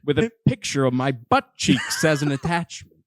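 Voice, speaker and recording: A man's voice: fairly high pitch, sing-song, normal speed, no room sound. Playful young man, bouncy voice. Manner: teasing, playful. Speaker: comedy podcast co-host. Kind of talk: casual chat.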